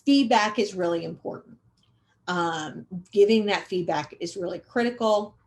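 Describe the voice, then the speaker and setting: A middle-aged woman giving a conversational training lecture to educators, repeating key points for emphasis and often pausing on "um". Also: medium pitch. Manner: conversational, repetitive emphasis, frequent um fillers. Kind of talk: recorded training webinar lecture.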